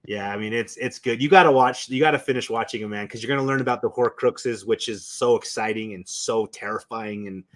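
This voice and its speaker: Guy guesting on a chat show, gets all worked up and emotional, trips over his words, average pitch. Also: fairly quick, hardly any pauses. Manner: excited, emotional storytelling with many restarts. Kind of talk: casual chat.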